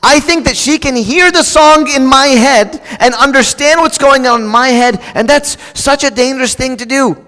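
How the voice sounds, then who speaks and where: A man's voice: very high-pitched, normal speed, few pauses, bright, forceful tone. A man giving a conversational, joking sermon, speaking straight to the congregation with casual fillers and restarts. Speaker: preacher. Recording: long reverb of a large hall.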